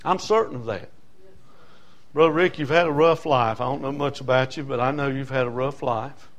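A man's voice: mid-range voice, moderate pace. An older man preaching a sermon, impassioned and folksy, building on rhythmic repetition.

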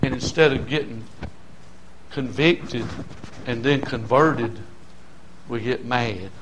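An older man, a pastor preaching a sermon in a folksy way, with loud shouted passages and quiet asides. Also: mid-range voice, measured pace, slight background noise.

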